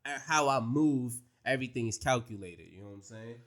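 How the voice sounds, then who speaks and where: A man hosting a casual podcast chat, slangy and animated, talking in quick rushes. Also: medium pitch. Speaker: podcast host. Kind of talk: casual anime recap chat.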